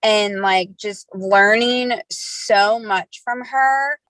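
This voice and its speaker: A woman's voice: medium pitch, very slow, a bit bright, no room sound, low-quality recording. A woman hosting a podcast, introducing her guest in a chatty, gushing way full of fillers. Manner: chatty, gushing, many likes. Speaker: host.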